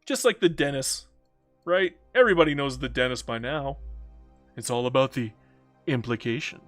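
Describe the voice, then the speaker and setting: A man streaming a strategy game, chatting casually with viewers and joking to himself, swinging between loud outbursts and low mutters. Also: moderate pace, faint music behind. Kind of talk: casual live-stream commentary.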